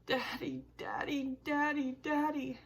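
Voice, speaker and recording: A woman's voice: a little high, fairly even intonation, unhurried, fairly bright tone, voice pushed up. A woman voicing a frightened teenage boy in an audiobook, pleading in a raised, strained voice. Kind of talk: audiobook character voice.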